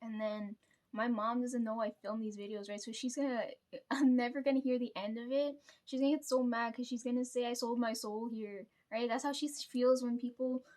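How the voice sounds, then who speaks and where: Hushed, rambling young woman, fairly high voice. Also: flat delivery, a little fast. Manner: rambling and hushed, often clearing her throat, tags lines with "right?". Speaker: vlogger. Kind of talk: hushed confessional monologue to the camera. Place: at home at night, parents downstairs.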